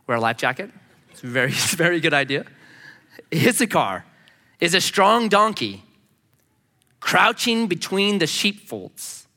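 A preaching pastor brings his personal story to life, doing impressions of the people in it. His voice leans high, and a long reverb tail follows his words.

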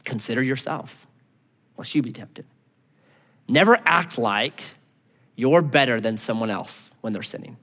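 A middle-aged man preaching a sermon in a conversational, animated way, acting out quotes with a raised voice. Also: mid-range voice, a little slow, pauses often, long reverb tail. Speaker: pastor.

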